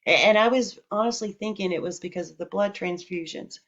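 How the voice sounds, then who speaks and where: A woman's voice: mid-range voice, a little fast. A woman telling a personal story in a casual, candid way, acting out what people said to her. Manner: candid, animated retelling with quoted dialogue. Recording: dull lo-fi audio.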